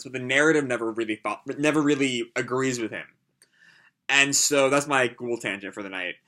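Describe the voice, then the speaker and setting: Bright-voiced man rambling an anime review. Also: a little high. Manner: rambling, profane, lots of likes and ums. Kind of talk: casual review vlog.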